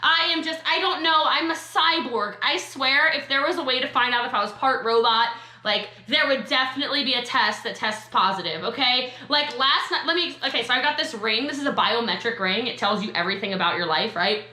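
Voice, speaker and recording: Woman, high and bright voice, sassy motivational trainer, echoey room. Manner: sassy, emphatic, quick asides. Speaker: network marketing trainer.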